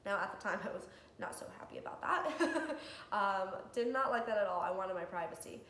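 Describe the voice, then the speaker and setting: A woman's voice: medium pitch, lively intonation, a little fast, fairly bright tone. A young woman vlogging, answering personal questions to the camera in a candid, earnest way with frequent ums. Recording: echoey room with faint background hiss.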